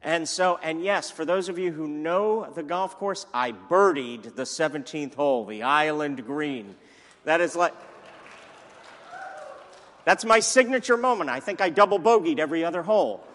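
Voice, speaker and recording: A male pastor preaches energetically with playful humor, his slightly high, fairly bright voice moving at a moderate pace with lively intonation. The echoey church hall adds a long reverb behind every phrase.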